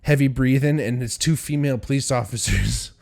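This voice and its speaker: A man's voice: mid-range voice, brisk, gravelly, darkish tone. A young man hosting a podcast, telling a story in a rambling, profane, worked-up way. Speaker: podcast host. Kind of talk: casual storytelling monologue.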